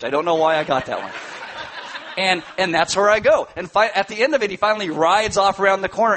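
A pastor preaching a sermon in a conversational way, with joking asides and scripture readings. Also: male voice, high-pitched, a bit bright, rough recording.

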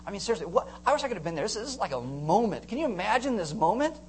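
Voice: mid-range voice, rapid-fire, slight background noise, rough recording. A pastor giving a casual, conversational sermon, retelling stories with humor and acting out voices. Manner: animated storytelling, acts out voices with humor.

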